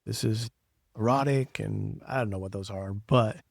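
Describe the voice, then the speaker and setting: A man with a gravelly, fry-edged voice, talking casually as a podcast co-host and coach. He recounts sessions with clients, acting out both sides of the exchange. The sound is dry and close, with no room around it. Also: on the low side, normal speed, no room sound. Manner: tells coaching stories with lively quoted dialogue.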